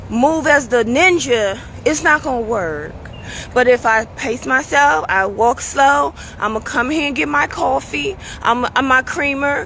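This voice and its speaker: High-pitched woman, raspy and worn out, bright pushy voice, preachy casual talk, faint traffic behind. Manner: preachy, casual, keeps asking "you understand?". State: strained, tired voice. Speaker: show host. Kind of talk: motivational talk to viewers.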